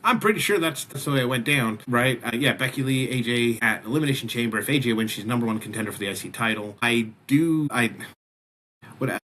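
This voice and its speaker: A man with a mid-range, sharp-toned voice hosts a casual wrestling recap podcast. He talks animatedly and fairly quickly, often restarting his sentences.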